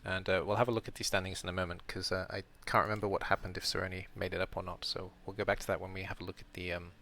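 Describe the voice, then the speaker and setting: Low, gravelly-voiced man rambling through a round-up. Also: little pitch movement, very fast, bright, forceful tone. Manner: rambling, self-correcting, thinking aloud. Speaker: streamer and league commentator. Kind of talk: casual game round-up commentary.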